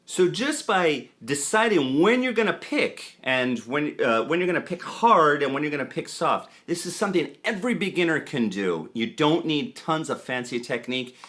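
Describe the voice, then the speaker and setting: A man's voice: on the high side, very animated, normal speed, hardly any pauses, a bit bright. A man giving a casual guitar lesson, counting beats aloud as he explains rhythm and accents. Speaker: guitar teacher. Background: guitar playing.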